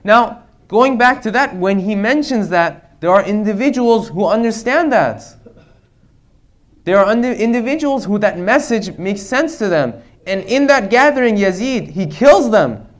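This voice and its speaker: High-voiced man giving a religious lecture. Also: lively intonation, measured pace. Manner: earnest, with rhetorical questions.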